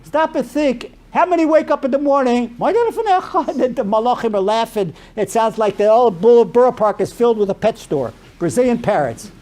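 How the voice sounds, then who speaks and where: A man as a rabbi giving a storytelling sermon, animated and peppered with Yiddish and Hebrew terms. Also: extremely high pitch, brisk, hardly any pauses.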